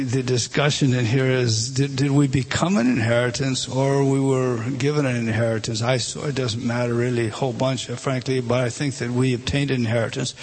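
A man of ordinary pitch teaches a Bible passage word by word, breaking off and starting over again and again. He climbs higher and louder to stress a point, under a faint steady background noise. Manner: halting, many restarts, points at a page and rises when stressing a word.

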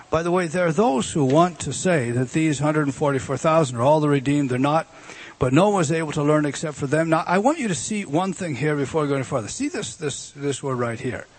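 A man delivers an expository sermon with a slightly high, husky voice. He leans hard on repeated key words and stops to put questions to the congregation. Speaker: preacher.

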